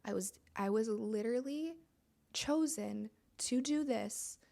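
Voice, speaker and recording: Female podcast host, slightly high voice with gravelly vocal fry, chatty and emphatic motivational delivery. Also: slow pace, dark tone. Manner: chatty, emphatic, heavy use of "like". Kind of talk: casual motivational monologue.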